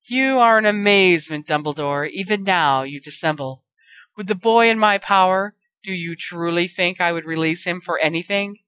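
A woman putting on a hissing, mocking dark wizard. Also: fairly low pitch, moderate pace, clean tone, dry recording, lightly acted. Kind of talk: fan fiction reading.

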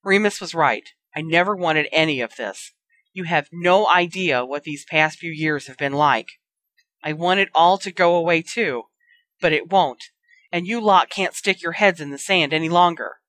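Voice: medium pitch, normal speed, natural voice. A reader voicing a weary, bitter teenage wizard. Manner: quiet, bitter, subdued.

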